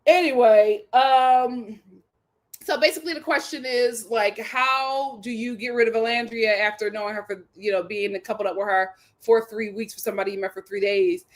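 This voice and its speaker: Woman, high pitch, live-stream recap host, sassy, dramatic, slangy, addresses contestants directly. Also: fairly even intonation, moderate pace. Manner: speaks directly to the people she discusses. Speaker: reality TV review host.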